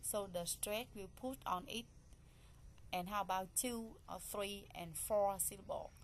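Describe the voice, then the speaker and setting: Woman English teacher, unhurried, repeats words aloud, faint room noise behind. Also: mid-range voice. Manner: repeats each word slowly, counting syllables aloud; simple, non-native phrasing. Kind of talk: classroom pronunciation lesson.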